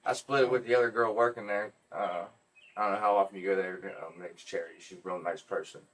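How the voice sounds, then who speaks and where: Recorded from a distance, a man speaks fast in a fairly low voice. As a podcast host, he's an animated storyteller whose casual chat is loaded with swearing and humor.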